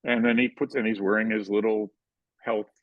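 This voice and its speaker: An older man, a filmmaker, telling animated stories in an interview and acting out the quotes. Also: on the low side, normal speed, dry recording, narrow, tinny audio. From Canada. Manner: animated anecdotal storytelling, acts out quotes. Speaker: guest filmmaker. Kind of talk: storytelling in a conversational interview.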